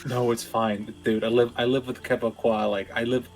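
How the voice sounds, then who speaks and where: A man from Canada playing a tabletop game, rambling and halting, with casual swearing. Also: mid-range voice, flat delivery, poor audio. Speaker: player.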